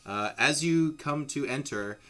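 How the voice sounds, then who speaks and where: A man's voice: medium pitch, measured pace, pushed and bright. A man narrating a tabletop game as game master in a casual, rambling way with many restarts. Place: home streaming setup.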